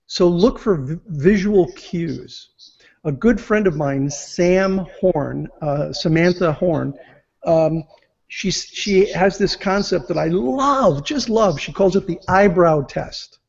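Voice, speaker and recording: A man's voice: high voice, slow pace, gravelly. A man giving business advice as an interview guest, explaining step by step and acting out example phrases. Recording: muffled lo-fi audio.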